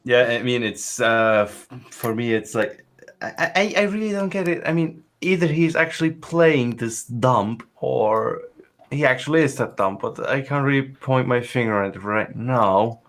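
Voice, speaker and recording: A man co-hosting a casual podcast, hesitant and halting, with many fillers and stutters. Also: medium pitch, expressive, fairly bright tone. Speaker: podcast co-host. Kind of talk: casual chat.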